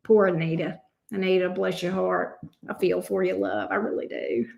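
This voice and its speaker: A woman's voice: on the low side, fairly even intonation, moderate pace, vocal fry, a little mellow, slight background noise. A woman giving a live tarot reading, chatting with viewers in an exclamatory, teasing way and swearing casually. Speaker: tarot reader. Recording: echoey room.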